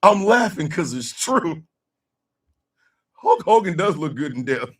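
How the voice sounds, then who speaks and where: A man hosting a casual live chat show, cracking up constantly and shouting out reactions to his audience. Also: fairly high pitch, big pitch swings, unhurried, distant mic, noisy background. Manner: laughs constantly, loud exclamations. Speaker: host.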